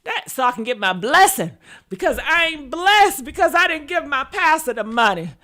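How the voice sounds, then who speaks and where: A woman's voice: high-pitched, big pitch swings, moderate pace, exaggerated voice. Woman putting on a wailing devout churchgoer. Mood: desperate pleading. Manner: wailing, crying out, shouting. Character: overwrought devout churchgoing woman, desperate and pleading.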